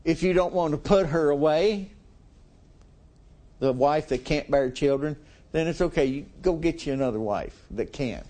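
A man's voice: on the high side, moderate pace, mellow. A middle-aged male preacher giving a folksy, conversational sermon, chuckling often and asking the congregation questions.

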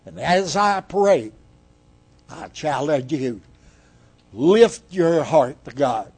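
An older man preaching a sermon in a slow, earnest way, with pauses between phrases. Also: fairly high pitch, animated, darkish tone, husky. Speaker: guest preacher.

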